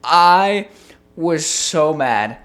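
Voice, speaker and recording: A man co-hosting a podcast, telling a story in casual chat with an animated, profane manner. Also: on the high side, very slow. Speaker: podcast co-host.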